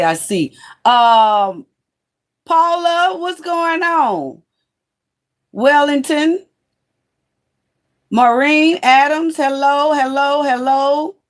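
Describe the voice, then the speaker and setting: A woman's voice: high voice, slow, long pauses. Chatty woman greeting livestream viewers. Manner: chatty, greets viewers by name, fiddles with phone setup. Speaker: livestream host. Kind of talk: casual livestream chat. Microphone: phone.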